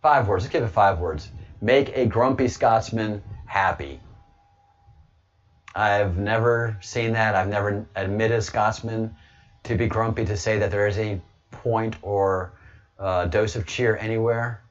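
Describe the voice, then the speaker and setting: Low-voiced man, rambling and joking. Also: a little slow. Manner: rambling and joking, with many restarts; boastful and provocative. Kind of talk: casual chat. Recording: dull lo-fi audio.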